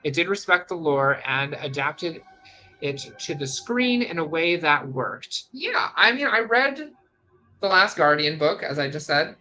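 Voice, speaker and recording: Bright, rambling young streamer. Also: mid-range voice, measured pace, low-quality recording. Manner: rambling, animated ranting. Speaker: gaming streamer. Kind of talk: casual live-stream chat.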